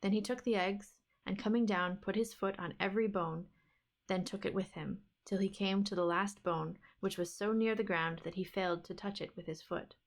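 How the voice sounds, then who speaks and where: A woman's voice: mid-range voice, steady tone, moderate pace. Woman reading a fairy tale aloud. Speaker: book club streamer.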